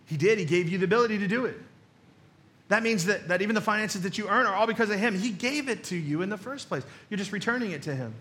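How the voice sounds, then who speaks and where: Male pastor, high-pitched and sharp-toned, preaching conversationally with jokey asides and repeated punchlines. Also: lively intonation, fast talker. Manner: conversational, with joking asides and rhetorical questions; emphatic, repeats key phrases. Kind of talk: sermon.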